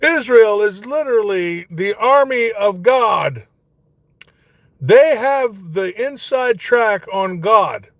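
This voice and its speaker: Guy putting on a rambling old grandpa voice, pretty high pitched, preachy and forgetful, dead dry sound. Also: expressive, slow pace, dry recording, exaggerated voice. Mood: ranting. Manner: preachy ranting with stammers and rambling asides. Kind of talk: satirical comedy monologue.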